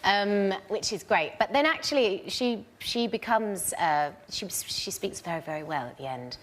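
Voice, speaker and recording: Young English woman, talk show guest, chatty, mid pitch, lots of laughs and restarts. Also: lively intonation, moderate pace. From England. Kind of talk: casual chat. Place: TV studio with audience.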